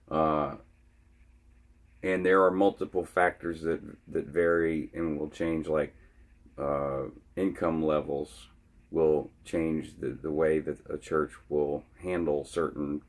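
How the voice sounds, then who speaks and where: A man vlogging his opinions in a casual monologue, halting and often restarting his sentences. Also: a bass voice.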